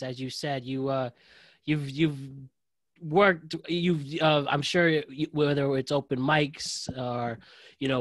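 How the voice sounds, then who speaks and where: A man's voice: mid-range voice, no echo. A man hosting a podcast, asking long, rambling questions with many restarts in a casual interview. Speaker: podcast host. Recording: dry, close sound.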